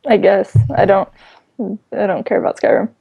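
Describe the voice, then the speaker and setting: A woman's voice: medium pitch, steady tone, moderate pace, gravelly, husky, phone-quality sound. A woman on a casual gaming podcast, insisting on her point defensively. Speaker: podcast panelist.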